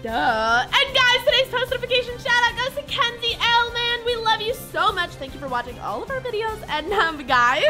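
A woman's voice: very high voice, fairly quick, few pauses. A young woman vlogger, bubbly and giggly, pulling a prank and talking to the camera at home. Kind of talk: prank vlog, casual. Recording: loud background music.

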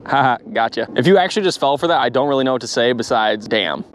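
A young man of about twenty rambles and jokes as he vlogs outdoors beside a pond. His voice sits in an everyday middle pitch and gets excitable in spots. A faint outdoor hiss runs under the talk. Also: fast. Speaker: bass fishing YouTuber. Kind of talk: casual vlog chat.

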